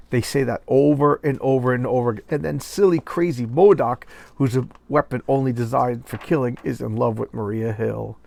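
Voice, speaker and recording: A man's voice: medium pitch, moderate pace, vocal fry, no echo. A man reviewing a comic book in a casual rant, exasperated and sarcastic, often repeating himself.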